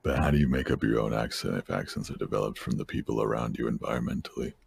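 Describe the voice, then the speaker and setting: A man musing slowly and deadpan in casual voice-chat banter, tossing out gamer jokes. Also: very deep voice, creaky, slight background noise. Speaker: guest on a livestream voice call.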